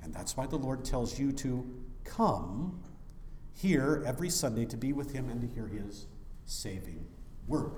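A man pastor delivering a sermon, swinging from hushed passages to loud, impassioned rises. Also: mid-range voice, sing-song, a little slow, slight background noise. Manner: dramatic swings from quiet to loud preaching. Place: church. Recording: echoey church hall.

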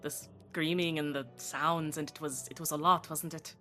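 Bright-voiced woman, hesitant role-player. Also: low-pitched, steady tone, normal speed, faint music behind. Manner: hesitant, restarts, drops into quiet trailing phrases. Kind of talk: tabletop role-play.

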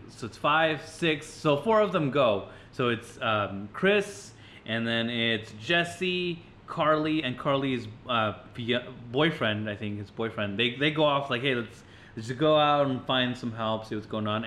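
A man co-hosting a podcast, retelling a horror movie in casual, animated chat with frequent swearing and laughter. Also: mid-range voice, slight background noise. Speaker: podcast co-host.

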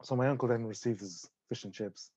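A young Irish man telling a long personal story in casual chat, animated, swearing, and laughing often. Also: mid-range voice, fairly quick, slightly rough, dry recording, highs cut off. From Ireland.

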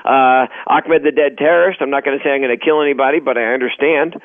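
A man's voice: mid-range voice, fast talker, no echo. A man from Texas, a comedian guest on a radio show, telling stories animatedly and acting out quotes. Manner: animated storyteller, acts out quotes. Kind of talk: radio interview storytelling. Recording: dry phone-like radio line.

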